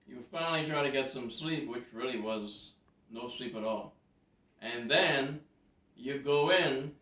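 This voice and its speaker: A man telling a story in a casual, animated way to a camera, repeating words for emphasis. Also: mid-range voice. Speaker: vlogger. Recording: roomy, distant from mic.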